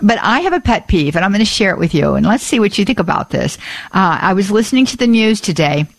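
A woman's voice: mid-range voice, dry recording. Chatty woman hosting call-in radio. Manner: chatty and animated, spells out words and repeats phone numbers. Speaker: radio call-in show host. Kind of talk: live call-in radio talk.

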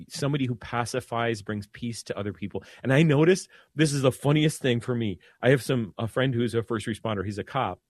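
A man, a priest, co-hosting a radio talk show in casual chat, talking calmly and dropping his voice low to soothe. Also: no echo.

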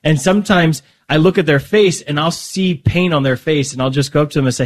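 A man's voice: a little high, fairly quick, few pauses. A man talking casually as a guest about his faith, often restarting sentences and acting out little conversations. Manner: rambling, restarts often, acts out dialogue. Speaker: podcast guest.

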